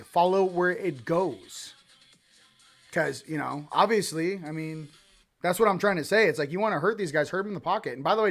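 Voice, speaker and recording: A man's voice: high-pitched, a bit bright. A man hosting a casual livestream card reading, rambling and fired up, with frequent restarts and asides. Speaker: host of a spiritual card-reading stream.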